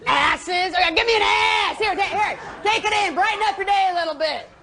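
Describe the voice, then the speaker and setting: An actress playing a brash, crude female office worker who loudly taunts her coworkers in a comedy sketch. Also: extremely high pitch, fairly quick, some chatter behind, slight background noise, full character voice. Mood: brazen. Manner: loud, taunting and provocative.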